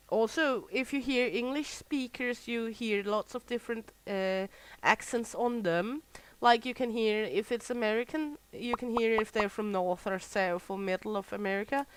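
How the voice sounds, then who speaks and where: Chatty Danish woman, slightly high voice. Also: unhurried, a bit bright, clean tone, no room sound, poor audio. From Southern Jutland, Denmark. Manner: chatty, rambling, laughs often. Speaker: gaming streamer. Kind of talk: casual chat while playing.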